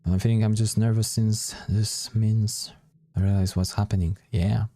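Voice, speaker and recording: A man commenting on a video game as he plays and reads its text aloud, in a relaxed, thinking-aloud way. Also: on the low side, measured pace, dry recording, clean studio sound. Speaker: gaming streamer. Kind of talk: casual let's-play commentary and reading game text.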